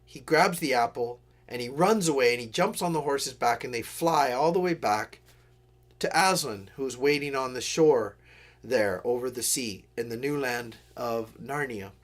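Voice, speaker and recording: A man's voice: mid-range voice, moderate pace. A man hosting a live stream, telling a story in a casual, earnest way with digressions and apologetic asides. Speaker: livestream host.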